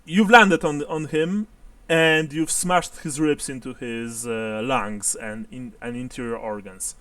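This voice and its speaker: A man narrating as game master of a tabletop game, halting and full of fillers. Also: medium pitch, a bit bright, smooth, no echo, distant mic.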